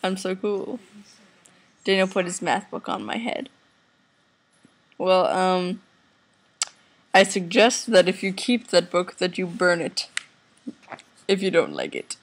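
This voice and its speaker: A woman's voice: fairly low pitch, big pitch swings, slow pace, long pauses. A teenage girl chatting casually to her webcam while lying on a couch at home, rambling and giggling. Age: teens. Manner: rambling, giggly, talks to viewers and family off camera. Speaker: vlogger. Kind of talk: casual chatty video reply.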